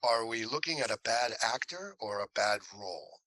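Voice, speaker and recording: An older male actor appears as an interview guest, speaking at normal speed in a medium-pitched voice on a dry, poor-quality recording. He tells anecdotes casually and with animation, acting out the lines of the people in them.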